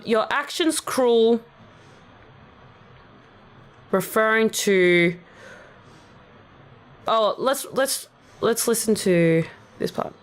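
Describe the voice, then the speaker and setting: A young woman with a general Australian accent, chatting casually and rambling with many fillers as she explains her rap lyrics on a stream. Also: fairly low pitch. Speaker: VTuber streamer. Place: at home on a rainy day.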